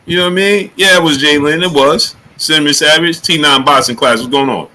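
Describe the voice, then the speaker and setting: A man hosting a casual boxing talk livestream, greeting chatters by name and jumping into high excited exclamations. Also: brisk, a little hiss or hum, low-quality recording. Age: adult. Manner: animated, rising to high excited exclamations when joking. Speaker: livestream host.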